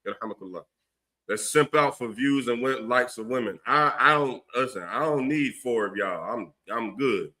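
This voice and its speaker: A man with a Philadelphia accent hosting a livestream, ranting forcefully and preachily, with long runs of stammered fillers. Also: mid-range voice, lively intonation, moderate pace. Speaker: livestream host giving religious commentary. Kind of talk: heated livestream rant.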